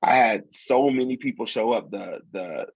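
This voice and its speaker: A man in his forties telling a personal story in casual chat, acting out what others said with lively slang. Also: on the low side, normal speed, breathy edge, no echo. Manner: animated, acts out quotes with slang. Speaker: podcast guest.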